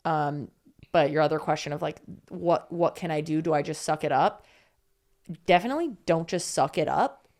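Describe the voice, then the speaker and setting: A young woman with a notably low voice co-hosts a casual podcast. She gives frank, animated relationship advice and peppers her talk with "like". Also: normal speed. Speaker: podcast co-host.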